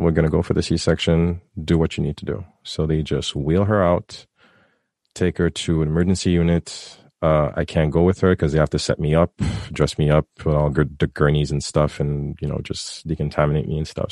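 A man's voice: rumbling low, level tone, normal speed, a little mellow, dry recording, studio quality. A man earnestly recounting a personal story in a casual podcast conversation, rambling and restarting his sentences. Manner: emotional, heartfelt storytelling. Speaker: guest telling a personal story.

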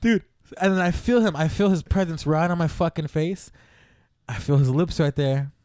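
A man casually telling a story on a podcast, animated and profane, laughing often. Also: a little high, moderate pace, no room sound, clean studio sound.

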